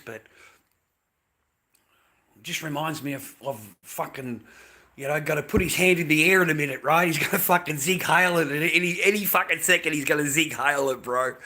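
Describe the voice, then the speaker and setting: A man's voice: fairly high pitch, pushed and bright. A middle-aged man with an Australian accent ranting to his livestream chat, blunt and swearing constantly as he repeats his points. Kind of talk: profane livestream rant to chat.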